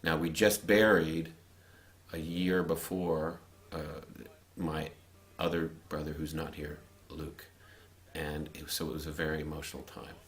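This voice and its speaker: A man's voice: extremely low pitch, level tone, a little slow. A middle-aged man giving casual, conversational commentary over old family video footage. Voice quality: conversational, with restarts and laughs. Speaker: narrator of family film.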